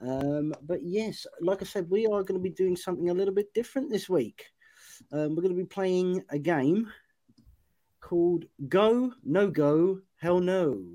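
A man's voice: high voice, unhurried, mellow. A man hosting a casual podcast on an online group call. He is chatty and self-deprecating, and his speech is full of ums. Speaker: podcast host.

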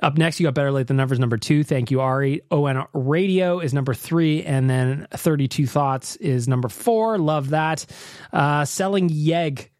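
A man's voice: on the high side, moderate pace, dry recording, clean studio sound. A man hosting a casual podcast, joking around and laughing often. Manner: jokey, laughs often, lively. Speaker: podcast host. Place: Edmonton.

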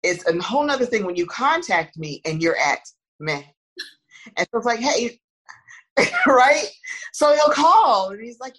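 A woman in casual conversation, speaking thoughtfully with a soft, soothing voice and frequent restarts. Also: a little high, big pitch swings, unhurried, pauses often, slightly rough, poor audio.

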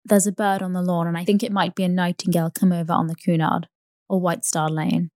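A woman's voice: on the low side, little pitch movement, fairly quick, a little mellow, dry recording, studio quality, close to an everyday voice. A woman voicing a charming, restless young socialite who speaks in a breathless, sing-song way.

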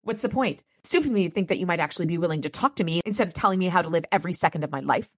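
A woman reading the lines of a defiant, sulky teenage girl, pushing her voice somewhat higher. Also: lively intonation, very fast.

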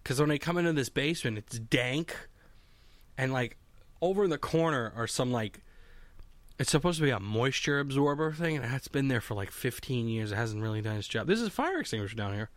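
Rambling young man, lively voice. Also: medium pitch, fairly quick, no echo. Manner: rambling, swearing, self-mocking. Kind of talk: casual solo monologue. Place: home basement.

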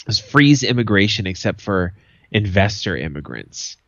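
Blunt, sarcastic low-voiced man. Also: sing-song, normal speed, fairly bright tone, no echo, highs cut off. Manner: blunt, sarcastic, swears often. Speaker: podcast co-host. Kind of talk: casual chat.

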